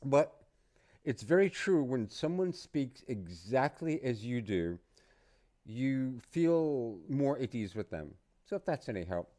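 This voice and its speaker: A middle-aged man from the United States, an English teacher talking through a casual lesson in a relaxed, chatty way with asides. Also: mid-range voice, slow pace.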